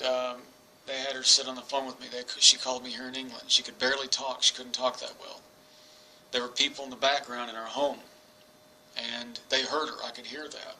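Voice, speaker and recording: A man in his forties telling a personal story to camera, rambling and halting with many restarts. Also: medium pitch, sharp tone, a little hiss or hum, rough recording. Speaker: vlogger. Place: England.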